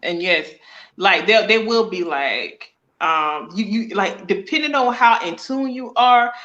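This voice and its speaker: A woman, a psychic medium, chatting casually as an interview guest, slangy and animated, acting out little dialogues as she explains. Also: mid-range voice, measured pace, lo-fi sound.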